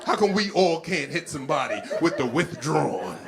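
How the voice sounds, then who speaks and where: A male stand-up comedian telling stories on stage in a loud, animated way. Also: fairly high pitch, normal speed. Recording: comedy club with a laughing crowd.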